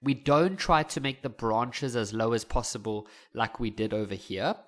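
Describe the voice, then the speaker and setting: A man's voice: mid-range voice, normal speed, a bit bright. A young South African man teaching chemistry in a chatty, jokey way. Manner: chatty, jokey, laughs at his own jokes. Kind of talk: casual online lesson.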